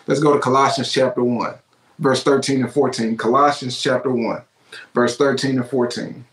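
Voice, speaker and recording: A man's voice: mid-range voice, fairly even intonation, moderate pace, fairly bright tone, reverberant. A man preaching a sermon, fervent and exclaiming, repeating his phrases for emphasis.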